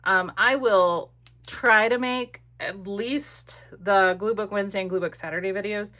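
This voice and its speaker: A woman's voice: mid-range voice, fairly even intonation, a little slow, sharp tone. A woman chatting casually and rambling with many fillers in a crafting vlog, recorded at home on a desk camera. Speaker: crafting vlogger.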